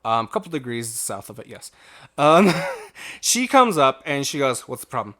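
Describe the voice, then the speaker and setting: A young man co-hosting a podcast rambles through a work story in casual chat, acting out other people's lines and laughing. His voice is medium-pitched and sing-song, bright and forceful, at a normal speed.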